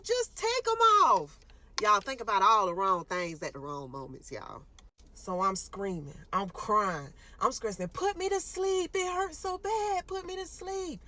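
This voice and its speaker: A young woman telling a dramatic personal story straight to viewers, acting out the shouted lines she quotes. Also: mid-range voice. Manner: talks straight to viewers as y'all, acts out screaming quotes.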